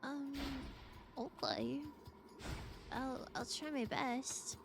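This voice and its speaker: A woman's voice: sits high, steady tone, very slow, creaky, background noise. A woman streaming a game, chatting casually with viewers in a playful, giggly way. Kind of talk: casual gameplay chat.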